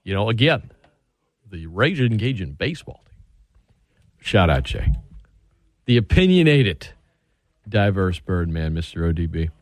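A man's voice: fairly low pitch, darkish tone, no echo. A man hosting a sports talk radio show, teasing his guest in a wisecracking way.

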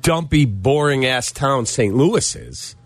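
A man's voice: mid-range voice, lively intonation, slow pace, dry recording. A man hosting sports radio, telling a customer-service story with wry exasperation and quoting the people in it. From Chicago. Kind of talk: casual radio banter and storytelling.

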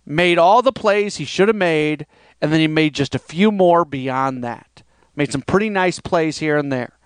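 A man's voice: a little high, smooth, no echo. A man hosting a sports podcast, talking alone in a rambling, conversational way and now and then mimicking critics' voices. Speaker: podcast host. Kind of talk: solo sports podcast monologue.

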